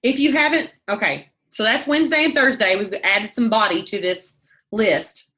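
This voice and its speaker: A woman with a bright, forceful voice leads a sales team training call. She talks fast and chatty, cuts herself off, and restarts her sentences as she goes. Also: mid-range voice. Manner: fast, chatty, self-interrupting. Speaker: network marketing team leader.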